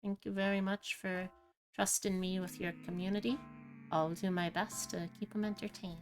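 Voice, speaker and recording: A woman hosting a live stream, chatting casually with her audience in a low-key, rambling, self-deprecating way. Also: little pitch movement, moderate pace, over music. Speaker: streamer host.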